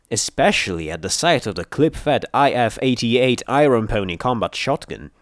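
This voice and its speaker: A man reading fiction aloud in a steady, measured storytelling voice, close to the mic. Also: fairly low pitch, no echo. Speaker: audiobook narrator. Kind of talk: scripted fiction narration.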